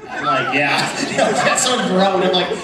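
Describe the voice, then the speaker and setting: A man telling lively anecdotes to a convention panel audience, often laughing. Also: high voice, moderate pace, over a noisy crowd. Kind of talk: storytelling at a panel. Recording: echoey hall from far off, background noise.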